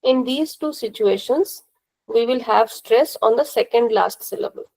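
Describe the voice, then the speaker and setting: Young female teacher, Indian accent, slightly high voice with gravelly fry, patient and repetitive classroom explaining. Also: unhurried, a little mellow, poor audio. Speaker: language teacher.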